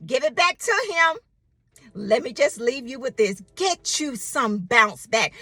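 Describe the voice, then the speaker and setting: A woman preaching a devotional sermon in a high, bright voice, taking her time over every phrase. She exhorts and repeats herself, recites scripture and calls on listeners to answer back. The sound is close and dry. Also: lively intonation, unhurried, no echo.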